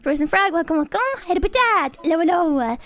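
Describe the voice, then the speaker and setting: A woman's voice: extremely high pitch, animated, fast. A young woman streaming, chatting casually and greeting viewers in a bubbly, giggly, rambling way. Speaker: VTuber streamer. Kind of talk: casual livestream chat.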